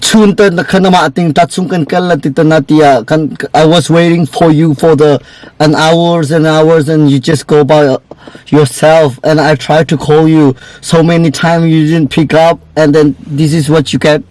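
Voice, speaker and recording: A man's voice: fairly high pitch, fairly even intonation, normal speed, a little mellow, dry recording, poor audio. A young man talking casually with his partner in a vlog, mixing English with his own language. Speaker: boyfriend in prank video. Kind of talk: casual conversation.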